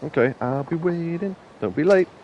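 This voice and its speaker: A man voicing a young woman who invites a friend out, reading game dialogue aloud in his own voice pitched higher. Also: lively intonation, normal speed, muffled recording, slight background noise, natural voice. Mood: playful.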